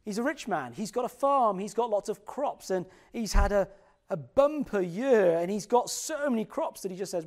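Male preacher, middle-aged, slightly high voice, expressive, slows down for emphasis. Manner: expressive, drops to slow quiet emphasis on scripture. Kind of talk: sermon.

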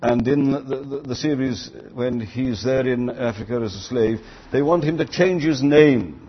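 An older male preacher delivers a sermon with a husky, slightly rough voice. He talks earnestly and lifts his voice for emphatic quoted lines. The recording sounds dull and lo-fi. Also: mid-range voice, unhurried.

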